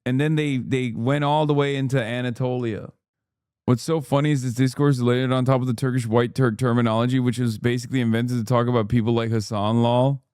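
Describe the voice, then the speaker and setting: A man's voice: medium pitch, fairly even intonation, a little fast, darkish tone, clear, resonant tone, no echo, clean studio sound. A man giving casual live-stream commentary on a video, with blunt, joking asides and swearing.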